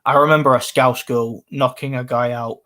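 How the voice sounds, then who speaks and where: A man's voice: medium pitch, fairly even intonation, normal speed, pushed and bright. Chatty young streamer man. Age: 20s. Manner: rambling, reads and answers chat comments. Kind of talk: casual live-stream chat.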